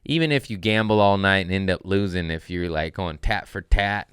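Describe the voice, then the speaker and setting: A man's voice: low-pitched, normal speed, a bit bright, clear, resonant tone, no room sound, clean studio sound. A man, a comedian hosting his podcast, telling a rambling, profane story in a wry, casual way.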